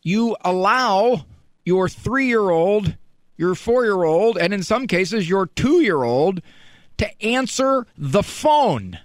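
A man's voice: high-pitched, lively intonation, slow pace, dry recording, clean studio sound. A man hosting a radio show, delivering a comedic monologue with exasperated, pleading storytelling.

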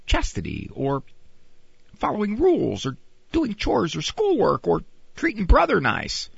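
A middle-aged man speaks slowly in a husky, bright voice that swoops wildly up and down. He talks about parenting in a casual, drawn-out monologue. The recording is dry and a little dull. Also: high-pitched, no echo.

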